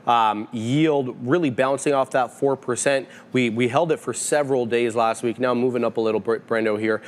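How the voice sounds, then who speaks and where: A man with a mid-range voice running down the day's headlines on a live market show. His delivery is brisk, with wry asides and frequent "uh" fillers. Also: mid-range voice, steady tone. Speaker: stock market show host.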